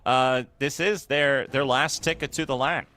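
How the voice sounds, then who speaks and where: A man casting a live esports match, calling the plays fast and joking with his co-caster. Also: mid-range voice, steady tone, bright, forceful tone, slight background noise. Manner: quick play-by-play, joking and laughing with his co-caster. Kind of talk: live game commentary.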